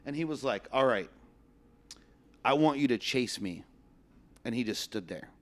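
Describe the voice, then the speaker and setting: A male podcast host chatting casually with a guest. He tells loose, rambling stories, laughs often and swears freely. His voice sits at an ordinary pitch for a man. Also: animated, moderate pace, a bit bright.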